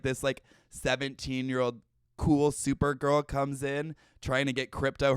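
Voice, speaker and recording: Young male podcast host, smooth dry voice, profane rambling comic chatter. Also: mid-range voice, no room sound. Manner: rambling, profane, filler-heavy with lots of "like". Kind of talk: casual comedic monologue.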